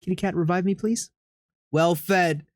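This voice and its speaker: A gaming streamer, a man, reading a text game aloud in a low dramatic voice and breaking into high, excited reactions. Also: normal speed, no echo, clean studio sound.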